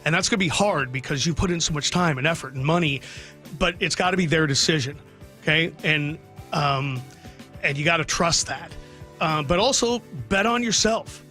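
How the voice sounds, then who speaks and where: A man's voice: fairly high pitch, normal speed, bright, forceful tone, faint music behind. A middle-aged man, a radio sports broadcaster, talking heartfelt and rambling about his son in a radio interview, choking up at times.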